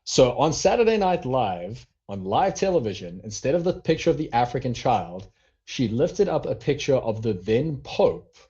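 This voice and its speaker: A man's voice: mid-range voice, very animated, normal speed, dark tone, lo-fi sound. A man co-hosting a wrestling podcast in casual chat, rambling through stories with many fillers. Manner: rambling, filler-heavy storytelling. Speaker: podcast co-host.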